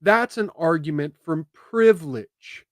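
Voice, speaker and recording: Man, high voice, political commentary host, emphatic, dry close sound. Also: animated, a little slow, dry recording. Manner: emphatic, emotional, swings from loud to hushed.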